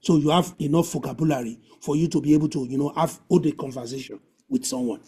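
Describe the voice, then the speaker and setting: A man's voice: a little high, fast, dark tone, husky. Man hosting an online language class. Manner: repetitive, coaching, drills pronunciation. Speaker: webinar host. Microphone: video call.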